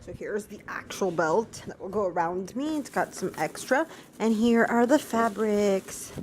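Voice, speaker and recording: A woman's voice: medium pitch, measured pace, a little hiss or hum. A young woman chatting through a casual daily vlog at home, rambling and talking to her dogs. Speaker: vlogger. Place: at home, indoors.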